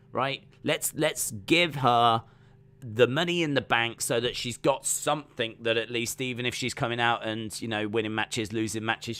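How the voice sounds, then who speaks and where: A man's voice: mid-range voice, sharp tone. A man chatting casually as a wrestling watch-along streamer, rambling with lots of fillers. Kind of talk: casual live-stream commentary.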